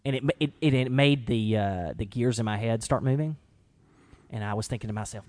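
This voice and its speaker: A man of mid pitch hosts a relaxed conversation. He speaks in an animated way, jumping up in pitch as he plays out little quoted lines. His voice has a plain, everyday sound. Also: brisk. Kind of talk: casual podcast discussion.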